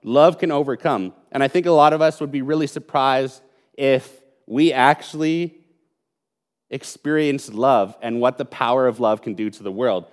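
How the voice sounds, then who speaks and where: A man's voice: mid-range voice, moderate pace. A man preaching an earnest sermon, speaking with emphasis and repeating key points. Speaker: pastor.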